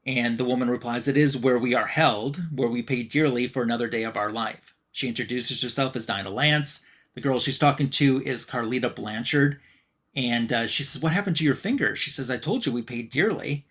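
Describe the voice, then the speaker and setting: A man co-hosting a fan podcast, recapping a comic book story in an easygoing, conversational way. He paraphrases characters' lines loosely, leaning on fillers and "he's like" as he goes. His voice sits at a middling pitch. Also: steady tone, moderate pace, fairly bright tone. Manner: retelling a comic plot with loose quoted dialogue, many fillers. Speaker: podcast co-host.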